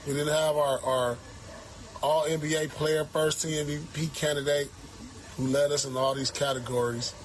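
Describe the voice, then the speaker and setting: A man's voice: on the high side, flat delivery, normal speed, slight background noise, poor audio. A man trash-talking rival fans in a teasing way during a casual sports chat. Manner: teasing, taunting.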